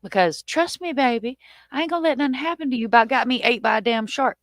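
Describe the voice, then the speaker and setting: A woman hosts a live online chat and tells a tale with lots of energy and cursing. She jumps into louder, higher voices for the people she quotes. The sound is close and dry. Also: fast, no echo. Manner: animated, swearing, acts out quotes in a raised voice. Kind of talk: casual storytelling.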